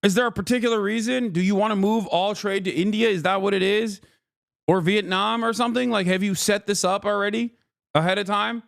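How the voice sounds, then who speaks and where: An exasperated male streamer rants through sarcastic political commentary and swears freely. His voice sits high for a man, and the sound is very dry and close, without any room echo. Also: gravelly, a bit bright.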